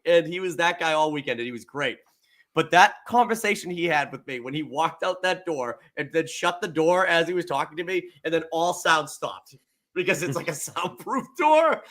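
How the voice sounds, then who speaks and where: A man with a high, ringing voice tells a story on a podcast, animated and quick to laugh. He acts out other people's lines as he goes, in a loose, casual chat. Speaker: podcast co-host.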